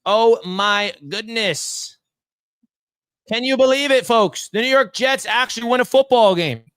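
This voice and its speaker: A man hosting a live fan watch party, calling the plays and shouting with excitement over big moments. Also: very high voice, a little slow, clean tone, no room sound, clean studio sound. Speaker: fan channel host. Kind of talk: live play-by-play fan reaction.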